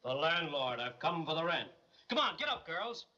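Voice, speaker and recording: Bright, lively wisecracking young guy, old film hiss. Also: fairly high pitch, moderate pace. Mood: joking. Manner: jaunty, teasing. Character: breezy, wisecracking young man. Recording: muffled, hissy old film soundtrack.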